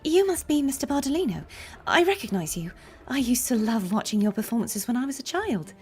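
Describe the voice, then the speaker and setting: A woman's voice: fairly high pitch, very animated, brisk, breathy edge, faint music behind, heavily acted. A woman voicing a young woman acolyte who sounds anxious and apologetic. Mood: eager. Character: timid, guilt-ridden young woman acolyte.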